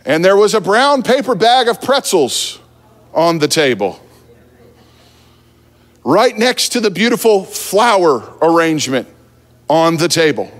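Joking preacher in a reverberant church. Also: male voice, high voice, sing-song, unhurried, pauses often. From New Jersey. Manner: humorous, self-deprecating, conversational. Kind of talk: storytelling sermon. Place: church sanctuary at the pulpit. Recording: long church hall reverb.

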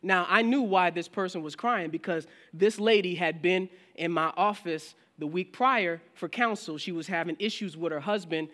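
High-voiced man preaching conversationally. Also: normal speed, few pauses, fairly bright tone. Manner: conversational preaching, acts out questions from listeners; frequent restarts and filler phrases. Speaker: pastor. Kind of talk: sermon.

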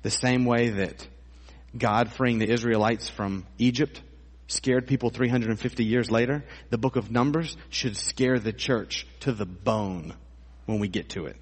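A man preaching a sermon as a pastor in a church, animated and acting out voices with comic exaggeration. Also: medium pitch, a little slow. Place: church sanctuary. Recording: long hall reverb.

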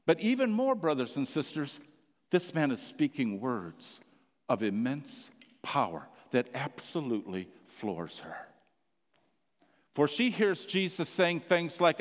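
A man preaching a sermon, telling the story with passion, his voice swelling loud and then sinking almost to a whisper. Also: on the high side, sing-song, a little slow, long reverb tail.

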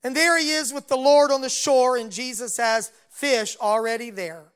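A man's voice: very high voice, steady tone, normal speed, fairly bright tone, clean tone. A man preaching a sermon and retelling a Bible story, voicing its dialogue along the way.

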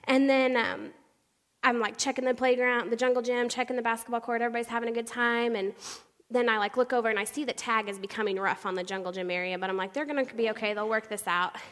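Young woman sharing her testimony from the pulpit, animated storyteller, slightly high voice, long church reverb. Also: quick pace. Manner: animated storytelling, acting out the people she quotes. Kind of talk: personal testimony told to a congregation.

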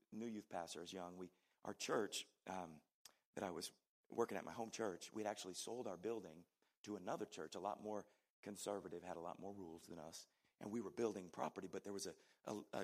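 A middle-aged male pastor preaching a sermon, telling stories in a conversational way and putting asides to the congregation. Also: low voice.

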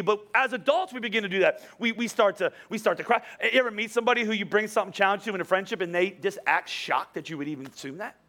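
A man's voice: sits high, quick pace, few pauses, sharp tone. A middle-aged man preaching a conversational sermon, asking the congregation rhetorical questions as he goes. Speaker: pastor.

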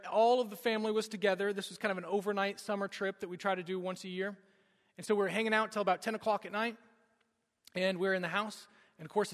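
Man preaching, high bright voice, big echoey hall, goes loud then hushed telling his story. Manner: dramatic storytelling, swinging from loud urgency to hushed. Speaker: pastor. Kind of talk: sermon with personal story. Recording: long hall reverb.

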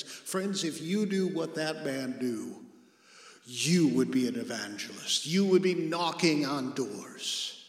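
A man preaches in a slow, deliberate sermon, his voice a little higher than most men's. He leans into key words and sometimes drops to a near whisper. The sound rings around a large room with a long, echoing tail. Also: expressive. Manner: earnest preaching, dropping to a hush for emphasis. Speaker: pastor. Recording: echoey hall with long reverb.

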